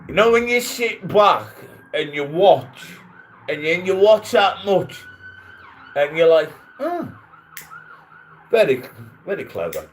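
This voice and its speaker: A man's voice: high voice, expressive, takes it slowly, slight background noise, poor audio. A man ranting on a casual livestream, rambling, mocking and swearing, often breaking into laughter.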